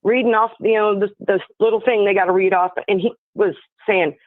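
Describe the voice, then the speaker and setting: A woman's voice: medium pitch, fairly even intonation, fairly quick, no room sound. A woman calling into a live show, chatting casually and rambling through theories with lots of fillers and restarts. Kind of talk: casual speculative chat. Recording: tinny phone line.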